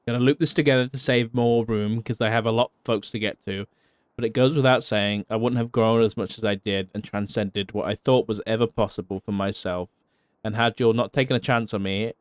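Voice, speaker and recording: A man's voice: on the low side, steady tone, a little fast, smooth, no room sound, clean studio sound. A man reading a farewell letter aloud in a role-play, heartfelt but salted with wry, profane asides.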